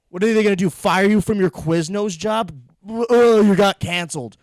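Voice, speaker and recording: Young man, solo podcast rant, slightly high voice, dry close mic, crude and rambling. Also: no echo. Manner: crude, rambling, swearing, laughing at his own dark jokes. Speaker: podcast host.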